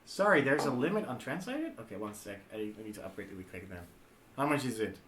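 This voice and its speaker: A man's voice: medium pitch, quick pace, slight background noise. A man co-hosting a casual livestream, joking and bantering with his partner. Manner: joking, expressive, swings up and down a lot. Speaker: livestream co-host. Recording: echoey room.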